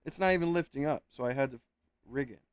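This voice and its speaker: A man's voice: mid-range voice, quick pace, clean tone, dry recording. A man in his thirties hosting a casual livestream from home, rambling and frustrated, swearing and then correcting himself. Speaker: livestream host. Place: home room. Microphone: webcam setup at home.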